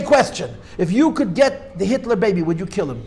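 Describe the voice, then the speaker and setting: A rabbi teaching a class in an emphatic lecture style. He repeats his key points forcefully and mixes Hebrew and Yiddish terms into his English. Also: high voice, big pitch swings, fairly quick.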